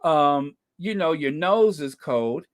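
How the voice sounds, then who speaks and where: This is a man hosting a relaxed live podcast, his voice sitting on the higher side for a man. He takes his time, drawing out his words at an unhurried pace. He reads viewer comments aloud and thanks people by name, slipping in wry asides and easy laughs. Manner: chatty, greets and thanks viewers from live chat. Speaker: podcast host. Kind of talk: casual commentary on live stream.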